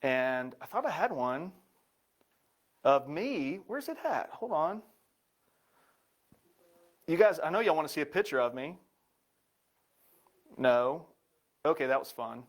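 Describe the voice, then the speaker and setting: A man's voice: a little high, expressive, unhurried, long pauses. A man giving a live presentation in an upbeat, joking way.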